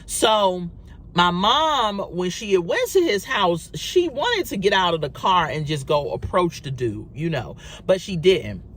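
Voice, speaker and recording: A woman's voice: fairly low pitch, very animated, a little slow, a little hiss or hum. A woman recording a storytime vlog, talking casually to her viewers with lots of fillers and calling them y'all. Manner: chatty, addresses viewers as y'all, many fillers. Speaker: vlogger.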